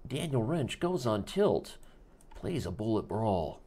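A man hosting a live chess stream and calling his own games as he plays them. His voice runs a little low, and he keeps up a loose, joking patter throughout. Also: big pitch swings, takes it slowly, mellow. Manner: joking, playful banter. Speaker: chess stream host and commentator.

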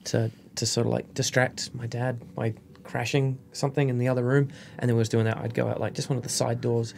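A man's voice: medium pitch, little pitch movement, fast, gravelly, a little mellow, slight background noise, lightly acted. A man playing a sheltered young man from a wealthy household, speaking hesitantly and mildly. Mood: shy. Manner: hesitant, mild, a little apologetic.

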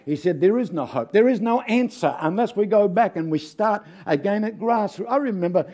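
A man's voice: high voice, animated, fairly quick, mellow. An older man with an Australian accent, a guest preacher giving a sermon full of stories, jokes and calls for an amen. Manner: folksy, humorous, calls out for amens. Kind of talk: sermon with storytelling.

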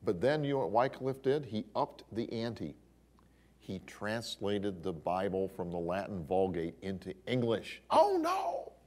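Animated man teaching a Bible class. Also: fairly low pitch, a little slow. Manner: animated storyteller with exclamations. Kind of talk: classroom lecture.

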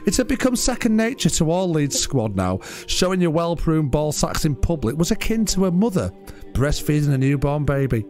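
A man reads a silly tale in a mock-solemn voice, his pitch swinging widely and sitting a touch high. He co-hosts a casual podcast and often cracks up between lines. Faint music runs behind him. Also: very animated, normal speed, darkish tone. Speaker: podcast co-host. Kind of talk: comic story reading.

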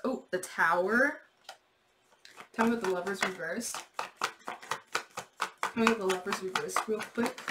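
A woman's voice: mid-range voice, fairly bright tone, slight background noise, rough recording. A young woman giving a casual, rambling tarot reading, repeating herself, swearing and laughing. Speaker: tarot reader.

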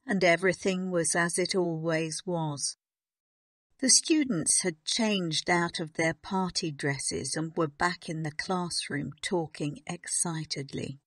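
Lady reading a simple story real slow, lowish voice, dry close mic. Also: dry recording. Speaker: audiobook narrator. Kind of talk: graded reader storytelling.

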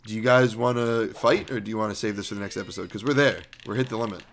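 A man hosting a casual gaming let's play, jokey and quick to laugh. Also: fairly low pitch, fairly even intonation.

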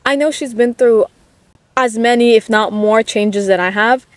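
Soft-spoken young woman, rambling and emotional. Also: on the high side, a little slow, no echo. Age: late teens. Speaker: vlogger. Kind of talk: casual chat. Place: outdoors at a park. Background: dogs barking at times.

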